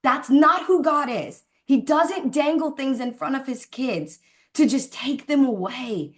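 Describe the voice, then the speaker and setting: A woman's voice: high voice, animated. A woman leading a Zoom call for her sales team, giving a fervent, preachy motivational talk about faith. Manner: fervent, preachy, speeds up and slows down for emphasis. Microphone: video call.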